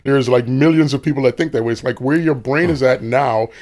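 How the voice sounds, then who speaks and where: A man's voice: mid-range voice, brisk, a little mellow. A man in casual podcast chat, agreeable and reassuring. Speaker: podcast co-host.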